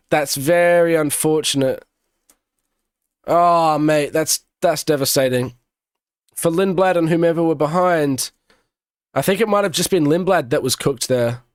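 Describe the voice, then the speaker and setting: A young man talks over a live race stream, breaking off to banter with his chat. His voice sits a little high for a man and comes across close and dry, with no room around it. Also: a little slow, no room sound. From Australia. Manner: chatty, banters with chat between race calls. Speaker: streamer doing live watch-along commentary.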